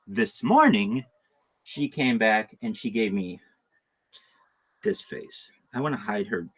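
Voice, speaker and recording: A man's voice: lowish voice, slow pace, a bit bright, husky. A man talking on a livestream in a rambling, joking, crude monologue full of asides.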